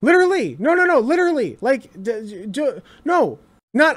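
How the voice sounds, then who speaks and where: A young man reacting to a clip in casual commentary, his voice sitting high and leaping around with animation. He sounds exasperated, swears freely and hammers his points by repeating them. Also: very animated, normal speed.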